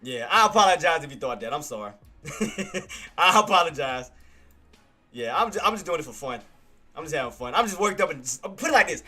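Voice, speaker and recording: A male streamer giving live trading commentary, excitable, repetitive and quick to apologize. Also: on the high side, slightly rough, faint music behind.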